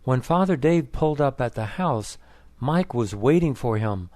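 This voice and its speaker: A man reads a story aloud for English learners in a plain, even manner. His voice sits in the middle range. The recording is dry and close, with no room echo. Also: mid-range voice, normal speed. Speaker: narrator.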